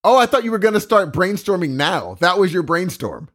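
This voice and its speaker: A man co-hosting a podcast in casual chat, excitable and emphatic. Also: high voice, fairly quick. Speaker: podcast co-host.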